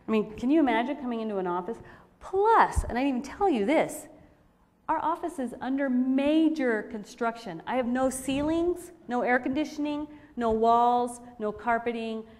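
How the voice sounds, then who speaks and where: A woman sharing a personal testimony with a women's audience, telling her story in an animated, expressive way. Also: fairly high pitch, normal speed. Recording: reverberant hall recording.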